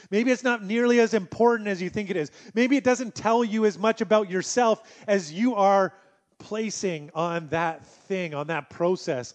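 A male pastor delivering a sermon in a conversational, storytelling way with gentle humor. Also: high voice.

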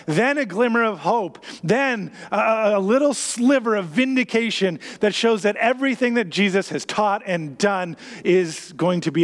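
A man preaching a sermon in an earnest way, reading scripture aloud, with some restarts. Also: high voice. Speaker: pastor.

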